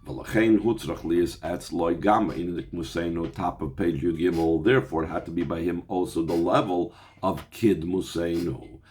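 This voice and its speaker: Man, low voice, text study class, reads Hebrew then explains in English, halting restarts. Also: a little mellow. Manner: restarts and repeats words while thinking aloud. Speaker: Torah teacher.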